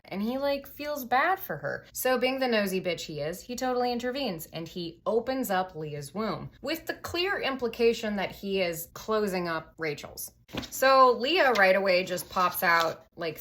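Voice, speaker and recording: Sarcastic, profane young woman, low-voiced. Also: a bit bright. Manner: sarcastic, profane, valley-girl fillers. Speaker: comedy podcast host. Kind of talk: tipsy comic Bible retelling.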